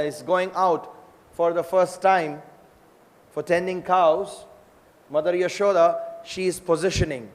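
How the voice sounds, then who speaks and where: A man's voice: fairly high pitch, big-room sound. A man giving a scripture lecture, telling stories in a conversational way and often checking in with his listeners. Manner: storytelling, conversational with tag questions.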